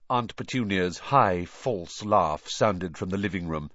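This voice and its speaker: A man's voice: deep voice, lively intonation, a little slow, hardly any pauses, fairly bright tone, no room sound. A man narrating a fantasy novel aloud as an audiobook reader. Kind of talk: scripted narration. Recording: dull lo-fi dry recording.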